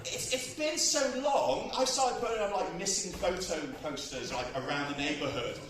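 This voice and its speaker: Man, stand-up comic, bawdy, animated voice, a bit distant from the mic. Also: high-pitched, moderate pace. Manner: bawdy, self-mocking, laughing at his own jokes. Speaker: stand-up comedian. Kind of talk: stand-up set. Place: comedy club on stage. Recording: echoey club with crowd, from far off. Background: audience laughing.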